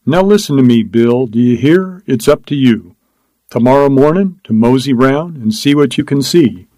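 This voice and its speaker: A man's voice: mid-range voice, expressive, moderate pace, dark tone, dry recording, lightly acted. A man voicing a weary lone gold prospector in a storybook reading, with a folksy drawl that drops its g's. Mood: insistent.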